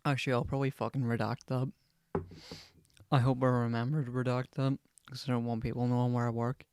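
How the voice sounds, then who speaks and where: A man's voice: mid-range voice, level tone, brisk, a little mellow, a little hiss or hum. A young man hosting a podcast, rambling casually and swearing constantly as he chats. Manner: swears constantly, chatty and digressive. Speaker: podcast host.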